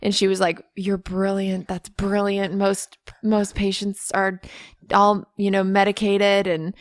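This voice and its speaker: A woman's voice: medium pitch, measured pace, dry recording, clean studio sound. A woman co-hosting a comedy podcast, telling stories animatedly, acting out what people said and swearing freely. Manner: animated storytelling, acts out quotes. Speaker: podcast co-host. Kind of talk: casual comedic chat.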